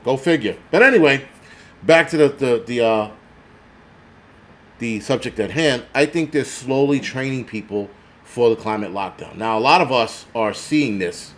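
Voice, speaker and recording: There's a little hiss or hum behind this older man's medium-pitched, lively voice as he rants at normal speed. Hosting his prepper channel out of New York City, he curses heavily, stays sarcastic, and mocks the voices of others in an angry vlog.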